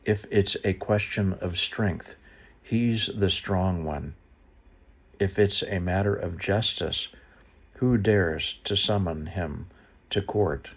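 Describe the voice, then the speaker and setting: A man reading a Bible passage aloud slowly and deliberately, stopping now and then to explain the footnotes. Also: sits low, husky. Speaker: Bible reader. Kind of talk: unscripted Bible reading with asides.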